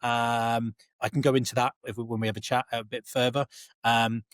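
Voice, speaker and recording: A man's voice: medium pitch, flat delivery, moderate pace, a bit bright, dry recording. Chatty English man, dry close sound. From England. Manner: rambling, self-correcting, chatty. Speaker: guest. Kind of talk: casual interview chat.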